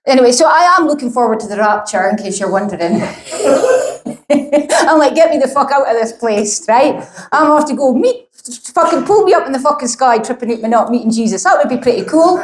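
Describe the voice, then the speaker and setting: Woman, stand-up comic, profane and rambling, higher voice, roomy echo. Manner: rambling, sweary and blunt. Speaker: stand-up comedian. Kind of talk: stand-up comedy set. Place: live comedy venue.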